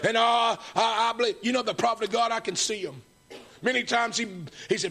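A middle-aged man preaching a fervent sermon, swinging from shouts to hushed, tender passages. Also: high-pitched, animated, brisk, vocal fry, breathy edge.

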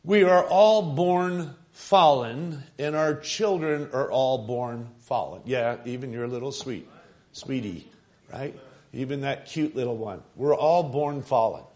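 A man preaching a sermon, earnest and emphatic, stretching key phrases and pausing with fillers between thoughts. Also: mid-range voice, a little mellow.

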